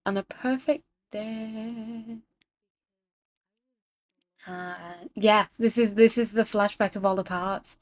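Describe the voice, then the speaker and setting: A woman chatting excitedly in a casual voiceover about her own animation, self-deprecating and talking straight to her viewers. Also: mid-range voice, slow pace, pauses often. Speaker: animator narrating her work. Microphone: home voiceover mic.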